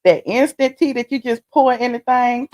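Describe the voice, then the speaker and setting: Sassy woman hosting a live stream. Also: moderate pace. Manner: sassy and chatty, calls viewers honey and child; animated, swings from loud to low asides. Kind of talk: casual live-stream chat.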